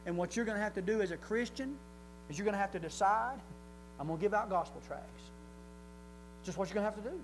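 A man with a drawl preaching from the pulpit in a church. He talks plainly and folksily, then builds to loud, fervent points. A faint electrical hum sits under his voice. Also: sits high, animated, quick pace, pauses often, low-quality recording. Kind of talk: sermon.

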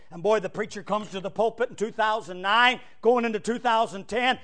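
A male pastor preaching a fiery sermon, swinging from loud cries to hushed asides. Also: sits high, lively intonation, normal speed, few pauses.

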